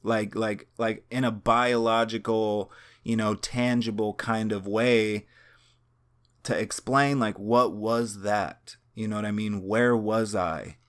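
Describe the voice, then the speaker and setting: Young guy vlogging, lowish voice, rambly and earnest, lots of "you know what i mean" and cussing. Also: steady tone, slow pace, clean tone. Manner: rambling, full of fillers and swearing; earnest, searching for words. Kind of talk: casual personal storytelling.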